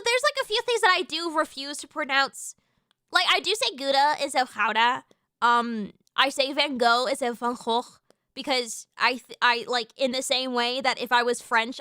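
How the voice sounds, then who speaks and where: Bright high-voiced woman streamer, rambling. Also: smooth, dry recording, studio quality. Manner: rambling and animated, with restarts and casual swearing. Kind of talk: casual live-stream chat.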